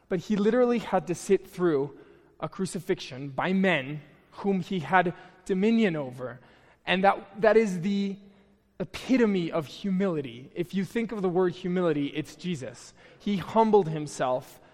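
A man's voice: high-pitched, animated, normal speed, darkish tone, big-room sound. A young man giving a casual, conversational sermon at a church, chatty and self-deprecating, with frequent restarts. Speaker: preacher. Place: church hall.

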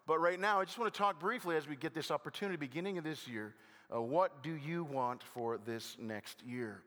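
An older man preaching a sermon as a pastor, conversational with gentle self-deprecating humor and halting restarts. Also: a little high. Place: church sanctuary. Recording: long hall reverb.

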